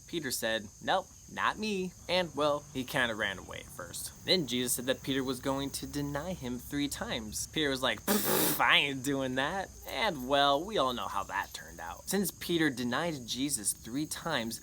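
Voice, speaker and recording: A man walks through a Bible passage in a relaxed, chatty way, tossing in playful jokes. His voice sits in a middle pitch. Faint crickets chirp in the background. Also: moderate pace, few pauses, a little hiss or hum, rough recording. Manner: playful, jokey asides. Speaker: Bible teacher. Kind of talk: casual Bible lesson.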